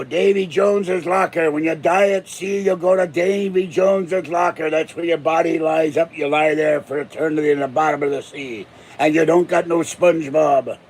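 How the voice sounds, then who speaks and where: Older guy from pittsburgh rambling and joking, gravelly husky voice, kinda high. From Pittsburgh, USA. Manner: joking, chuckling, tall tales. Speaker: channel host. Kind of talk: rambling casual monologue.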